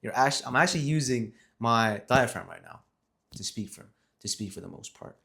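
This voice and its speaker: A man's voice: mid-range voice, lively intonation, moderate pace, gravelly, fairly bright tone. A man talking casually to a camera about communication, rambling and correcting himself as he goes, with emphatic stresses. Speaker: vlogger on communication skills. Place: seated in front of a camera.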